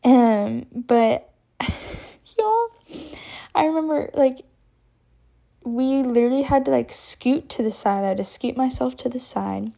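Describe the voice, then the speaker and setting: A young woman from Texas talks through a personal story as a podcast host, chatty and animated. Her voice sits a little high but sounds soft and mellow rather than bright. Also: slow pace, gravelly, long pauses. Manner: chatty, animated, many "like" fillers and laughs. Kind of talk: casual storytelling.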